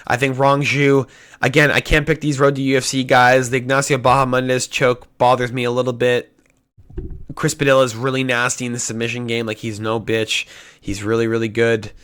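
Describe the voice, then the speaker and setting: A young man casually talking through fight predictions, cursing often and changing his mind out loud. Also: mid-range voice, little pitch movement, normal speed, smooth. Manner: indecisive, swears often, flips picks. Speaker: MMA prediction YouTuber. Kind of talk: casual solo prediction talk.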